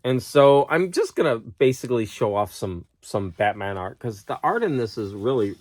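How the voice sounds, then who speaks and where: A man's voice: mid-range voice, expressive, moderate pace, a little mellow, a little hiss or hum. A man who teaches school, chatting casually to camera at home, rambling and laughing at his own stories while getting over a cold. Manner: rambling, laughs often, talks to his dog. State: has a cold. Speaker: vlogger and teacher. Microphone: camera close-up.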